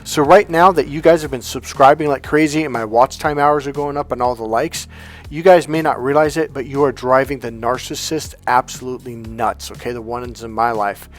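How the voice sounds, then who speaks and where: A man's voice: mid-range voice, brisk, faint music behind. A man giving a motivational vlog monologue as a coach, blunt, profane and emphatic. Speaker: relationship coach.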